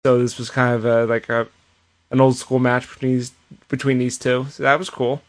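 A man's voice: medium pitch, flat delivery, moderate pace. A man co-hosting a podcast, recapping wrestling shows in casual chat and storytelling with quoted asides and frequent restarts. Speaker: podcast co-host.

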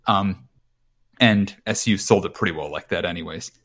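Deep-voiced man recapping casually. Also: moderate pace, a bit bright. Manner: rambling, profane, paraphrases promos. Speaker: podcast co-host. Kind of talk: casual wrestling recap chat.

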